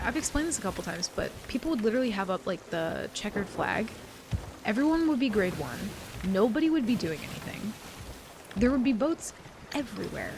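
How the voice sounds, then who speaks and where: A young woman streamer in casual live-stream chat, rambling, swearing freely and getting animated as she talks. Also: on the high side, noisy background.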